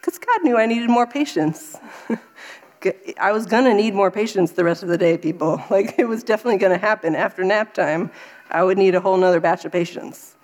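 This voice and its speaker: Woman in her 30s giving a faith talk, animated storyteller, acts out her own frustration. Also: mid-range voice, brisk.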